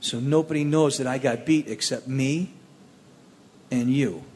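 A man from the Cleveland area telling his own testimony in a plainspoken, animated storytelling way. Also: mid-range voice, measured pace, in a large hall, a little hiss or hum.

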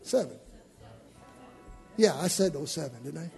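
Male pastor, gravelly and mellow, impassioned sermon, soft music underneath. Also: on the high side, expressive, measured pace. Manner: impassioned, swings from hushed to shouting. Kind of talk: sermon with altar call.

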